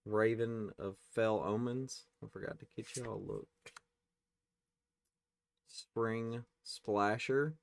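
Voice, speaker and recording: A man hosting a casual pack-opening video, reading card names aloud and tossing in quick offhand reactions. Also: lowish voice, clean tone, dry recording. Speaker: card-opening channel host.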